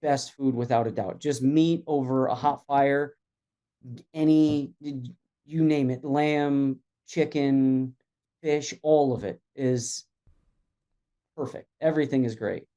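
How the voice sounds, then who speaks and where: Easygoing guy on a podcast, mellow dark voice, just chatting. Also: medium pitch, steady tone, takes it slowly, highs cut off. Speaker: guest from a wrestling federation. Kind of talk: casual podcast chat.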